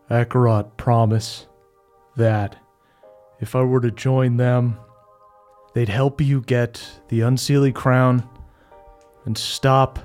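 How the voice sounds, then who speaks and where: A man's voice: mid-range voice, darkish tone, close to an everyday voice. A man voicing a weary older father bound to devils, speaking in a somber, resigned way.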